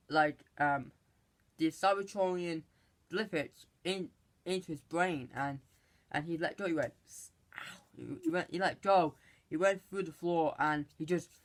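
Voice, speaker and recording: Exasperated asides and repeated restarts mark a movie reviewer's casual, halting recap of a film. The reviewer rambles throughout in a medium-pitched voice.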